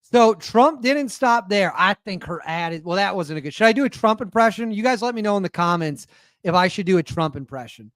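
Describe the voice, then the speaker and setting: A man's voice: sits high, expressive, brisk, fairly bright tone, dry recording, clean studio sound. A man hosting his own show, giving rambling, sarcastic casual commentary and often stopping himself mid-sentence. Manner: rambling, self-interrupting, sarcastic. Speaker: podcast host.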